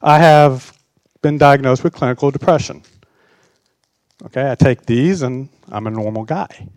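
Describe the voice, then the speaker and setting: A man's voice: medium pitch, unhurried, darkish tone, dry recording. A man in his sixties preaching a sermon, telling a personal story in a wry, sarcastic way. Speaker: pastor.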